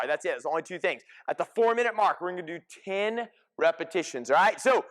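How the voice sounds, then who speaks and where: A fitness coach with a high-pitched male voice leads a group class. He talks in short, energetic commands and calls out cues as his class moves. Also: a little fast, hardly any pauses. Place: gym class.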